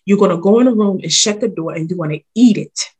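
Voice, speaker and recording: A woman voicing a solemn male prophet who speaks in slow, grave commands, with a husky voice. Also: high voice, a little mellow, voice pushed down.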